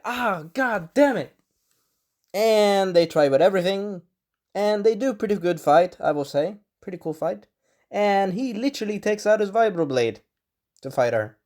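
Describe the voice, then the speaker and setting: A man giving a casual spoken review of a show episode, rambling and correcting himself, with an irritated throat that he keeps clearing. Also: on the high side, darkish tone.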